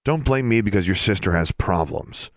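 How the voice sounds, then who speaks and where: A man's voice: low-pitched, lively intonation, normal speed, no room sound. A stubborn young schoolgirl witch from an audiobook, voiced by a man, with a defiant, lifted voice. Her tone is clipped and dry, with no room sound around her. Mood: sullen.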